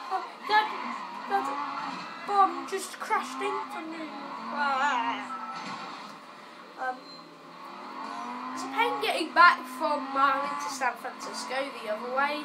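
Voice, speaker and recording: A young British woman in casual gameplay commentary, chatty and excitable, rambling with many fillers. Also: very high-pitched. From Britain. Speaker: gamer. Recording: voice far from mic under loud game music.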